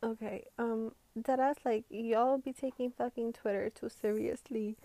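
A woman's voice: on the high side, steady tone, measured pace, warm tone, dry recording. Sick young woman rambling profanely. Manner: profane, slangy, full of fillers. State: sick with a runny nose. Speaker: vlogger. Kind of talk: rambling casual monologue.

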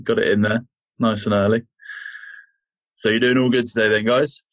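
A man hosts a podcast in a relaxed, breezy way, his mid-range voice coming through a dull, muffled line. The sound is dry, with no room around it. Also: lowish voice, normal speed, dry recording. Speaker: podcast host. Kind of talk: casual podcast interview.

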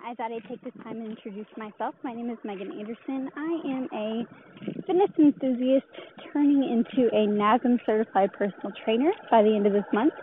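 A woman's voice: fairly high pitch, brisk. A woman introducing herself as a fitness enthusiast while walking home from the gym, out of breath. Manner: friendly self-introduction, walking while talking. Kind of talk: casual podcast message. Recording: tinny phone-like audio with faint noise.

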